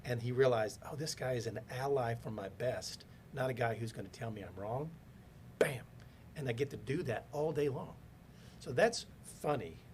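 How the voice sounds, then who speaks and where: A man at an ordinary middle pitch tells workplace stories in a relaxed podcast chat. He dramatizes every exchange and slips into the voices of the people he quotes. A low rumble hums faintly behind him. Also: normal speed. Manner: animated storyteller acting out quoted voices. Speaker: podcast guest, business consultant. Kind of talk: casual storytelling interview.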